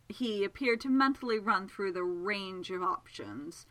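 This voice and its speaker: A woman narrating a novel in an expressive storytelling manner. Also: medium pitch, measured pace, hardly any pauses, rough recording. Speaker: audiobook narrator. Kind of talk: scripted narration.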